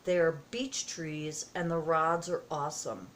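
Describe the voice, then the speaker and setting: Slow-talking excited woman vlogger. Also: deep voice, a little hiss or hum. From United States. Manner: excited, gasping, halting with many fillers. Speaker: vlogger opening happy mail. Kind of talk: casual vlog chat. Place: home, indoors.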